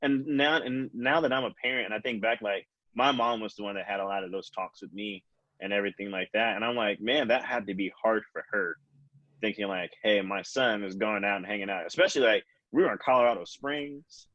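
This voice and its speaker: A man's voice: on the low side, fairly quick, a bit bright, dry recording. Young guy hosting a podcast, earnest and thoughtful, dry muffled sound. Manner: earnest, reflective, many restarts. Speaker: podcast host. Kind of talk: casual podcast chat.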